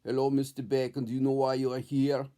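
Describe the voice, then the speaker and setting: A man's voice: mid-range voice, monotone, brisk, dark tone, clear, resonant tone, close to an everyday voice. A man voicing a grave, towering foreign male urologist who delivers news solemnly and bluntly.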